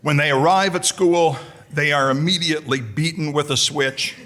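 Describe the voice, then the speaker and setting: Introducing a colleague at a formal lecture hall event, a middle-aged New Jersey man from the United States leans on dry, self-deprecating humor. He talks at normal speed with a fairly high pitch and a sharp tone.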